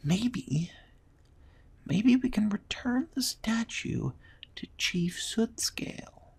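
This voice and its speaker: A man voicing a small, nervous male kobold who stammers, turns hushed when scared, and brags when proud. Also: high-pitched, animated, slow pace, creaky, slightly rough, whispered, pitched above the performer's own voice, heavily acted. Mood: fearful hush.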